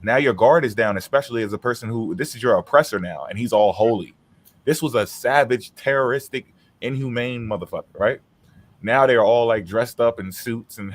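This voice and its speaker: A man's voice: mid-range voice, animated, fairly quick. A man hosting a casual streamed chat, talking in a blunt, profane and heated way.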